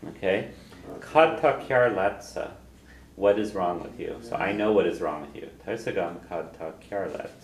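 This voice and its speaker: A man's voice: low voice, a little fast, few pauses, a little mellow. A man teaching a language class, patiently explaining and repeating phrases for his students, chuckling now and then. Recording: roomy classroom echo, faint noise.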